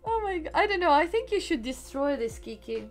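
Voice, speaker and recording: A woman's voice: high voice, very animated, a little fast, faint music behind. A woman streaming a game live, chatting casually and teasing her teammates with lots of laughter. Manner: playful, teasing, laughs often. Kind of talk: casual live gaming chat.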